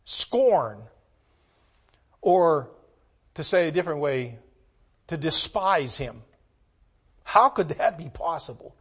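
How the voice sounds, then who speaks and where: A man delivering a sermon in a somewhat high voice, moving from quiet, almost whispered asides to loud, pressing emphasis. He reads scripture in slow, measured phrasing and repeats key words for weight. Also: very animated, slightly rough. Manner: emphatic, dramatic swings from hushed to loud. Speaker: preacher.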